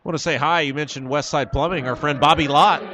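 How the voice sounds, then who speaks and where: A man's voice: a little high, fairly even intonation, brisk, background noise. A man doing color commentary at a basketball game, rambling into joking side stories.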